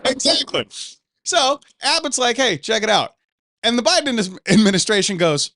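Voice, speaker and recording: This high-pitched man from the Pacific Northwest hosts a podcast, talking at normal speed on a dry recording. He swears freely and tells stories with animated energy amid casual banter.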